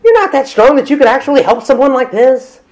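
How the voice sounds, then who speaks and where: Male pastor, middle-aged, high-pitched voice, casual conversational sermon with quoted asides. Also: animated, brisk, a little mellow. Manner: conversational preaching with asides and laughter, acting out quotes. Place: church hall with congregation.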